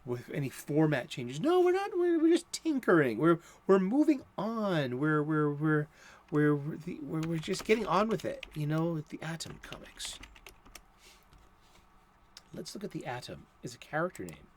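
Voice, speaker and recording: A man's voice: fairly high pitch, animated, normal speed, a little hiss or hum. A middle-aged American man hosting a casual chat, rambling with many fillers and restarts. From United States. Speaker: host.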